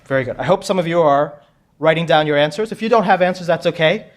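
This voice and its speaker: A man's voice: on the high side, fast. A man hosting a pub quiz at a tech conference, chatty and joking, often repeating himself. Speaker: quiz host. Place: conference room with audience.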